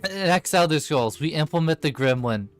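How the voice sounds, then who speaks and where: A man's voice: fairly high pitch, lively intonation, normal speed, soft background music. A man in casual gaming chat, rambling and laughing, with many fillers as he plays. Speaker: game streamer.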